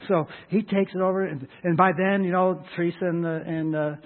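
A middle-aged man pastor telling a folksy, halting personal story in his sermon, voicing people with raised shouts. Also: sits high, steady tone. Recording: echoey hall, phone-like sound.

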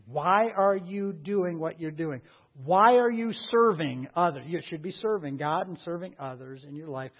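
A pastor delivering a sermon in a high, light male voice. He preaches earnestly and presses his listeners with rhetorical questions. The sound is thin and tinny, as if heard over a phone line.

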